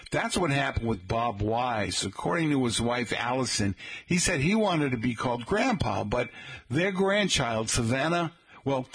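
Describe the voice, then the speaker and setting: A man's voice: medium pitch, fairly bright tone, slightly rough. A middle-aged man hosting a radio show, rambling in a folksy way and often calling his listeners folks. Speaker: radio host. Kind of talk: casual radio talk.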